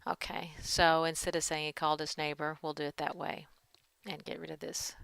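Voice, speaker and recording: Woman teacher, low pitch, bright crisp tone; calm spoken feedback on a rough draft. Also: moderate pace, dry recording, poor audio. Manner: reads student text aloud, then comments calmly. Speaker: teacher giving feedback on a student's story. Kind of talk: screen-recorded writing feedback.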